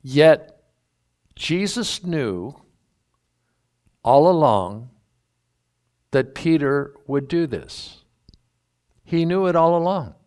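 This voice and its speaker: Slow, emphatic male preacher. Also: fairly high pitch, animated, darkish tone. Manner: slow, emphatic Bible teaching with folksy asides and stretched key words. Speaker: pastor. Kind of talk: sermon.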